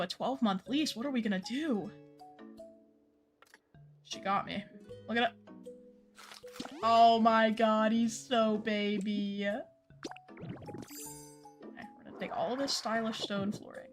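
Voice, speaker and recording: Chatty woman streamer over game music. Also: fairly high pitch. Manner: chatty, lots of "like" fillers. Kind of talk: casual gameplay chat with chat.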